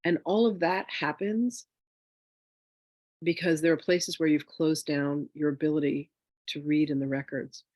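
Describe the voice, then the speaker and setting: A woman's voice: deep voice, steady tone, a little slow, darkish tone, dry recording. A woman teaching a spiritual class in a candid, chatty way, telling a personal story with many "you know" asides.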